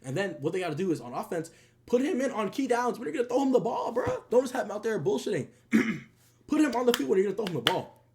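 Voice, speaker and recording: A young man on a live stream chatting sports in loose slang. His voice runs a little high and bounces around with energy, and he breaks into laughter often. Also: big pitch swings, quick pace, darkish tone. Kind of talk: casual livestream commentary.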